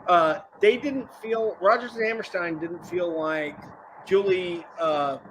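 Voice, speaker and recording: High-pitched guy in his 50s rambling playfully, keeps restarting, bit of noise. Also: slow pace. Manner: rambling, self-correcting, playful. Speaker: panelist on a geeky chat stream. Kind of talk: casual chat.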